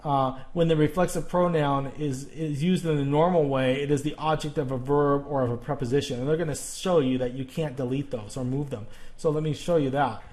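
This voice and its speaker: A man's voice: on the high side, fairly even intonation, brisk, few pauses, a little mellow. A man teaching a grammar lesson on video, explaining patiently step by step and often checking in with "okay?".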